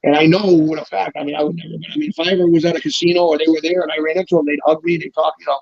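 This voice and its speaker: A middle-aged man telling stories in a rambling, casual way, swearing freely and acting out quoted lines in a louder voice. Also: on the high side, flat delivery, very fast, vocal fry, lo-fi sound, a loud crowd. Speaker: guest telling prison stories. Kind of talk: casual chat.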